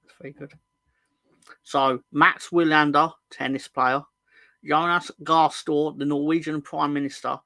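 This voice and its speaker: Gravelly joking man hosting a fan show. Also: fairly high pitch, little pitch movement, measured pace, sharp tone, no echo. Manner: rambling, joking, corrects himself mid-sentence. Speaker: host of a football fan show. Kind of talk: casual livestream chat.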